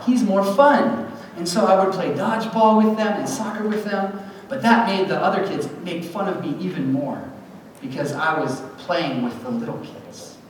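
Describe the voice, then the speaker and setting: A man tells a personal testimony in a lively, animated way, slipping into other people's voices as he goes. His voice sits a little high, and he is picked up from far off in a big echoing hall with a long reverb. Steady room noise hangs underneath. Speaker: speaker at a church gathering. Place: church hall event. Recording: echoey hall recorded from far off.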